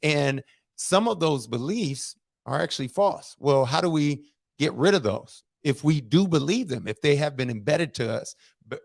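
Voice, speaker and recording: Animated man telling motivational stories. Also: a little high, normal speed, gravelly, dry recording, clean studio sound. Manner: animated, storytelling, keeps asking "right?"; casual slangy speech. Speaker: host of a motivational livestream. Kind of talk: casual motivational talk.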